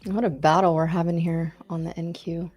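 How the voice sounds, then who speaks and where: A woman with a fairly low voice co-hosting a live futures stream. She chats loosely and thinks aloud about price action, with faint music in the background. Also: level tone, brisk, a little mellow. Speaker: co-host of a live trading show. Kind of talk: casual live-stream market commentary.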